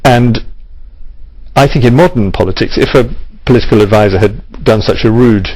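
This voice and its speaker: A man of middling pitch answers interview questions animatedly. He often restarts his words as he goes. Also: normal speed, darkish tone, slightly rough, rough recording.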